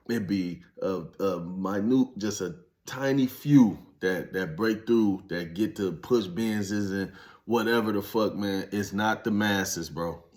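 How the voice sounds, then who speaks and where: A former inmate telling his story in a casual, blunt, heavily profane monologue that rises to emphatic preaching. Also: lowish voice.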